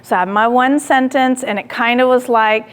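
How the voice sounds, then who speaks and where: A woman gives a lecture with a voice a little higher than most. She tells a personal story with animation, acting out what she said herself. She turns to the listeners with direct questions. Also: normal speed, clean tone. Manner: animated storytelling, acting out her own quoted lines; asks the audience direct questions.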